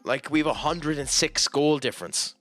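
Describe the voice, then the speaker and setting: A man's voice: on the high side, moderate pace, a bit bright, faint music behind. A man with an Irish accent giving casual, profane commentary while playing a game, ranting in exasperation. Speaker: gaming channel host.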